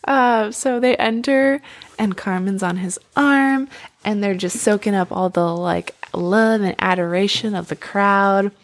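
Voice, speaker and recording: A young woman with a mid-range voice takes her time retelling an opera plot in a relaxed chat. Her storytelling is loose and packed with fillers, especially "like" and "um."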